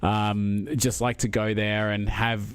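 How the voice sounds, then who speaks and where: A man's voice: lowish voice, flat delivery, slow. A middle-aged man with an Australian accent, chatting casually on a live stream, rambling with lots of fillers and chuckles.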